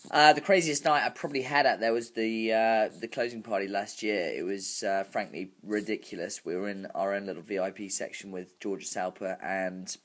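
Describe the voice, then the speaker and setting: A man's voice: lowish voice, fairly even intonation, normal speed, hardly any pauses, a bit bright, lightly acted. An actor playing a brash, bragging male club promoter, in a comic character monologue full of fillers. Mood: cocky. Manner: cocky, bragging, full of "you know" fillers.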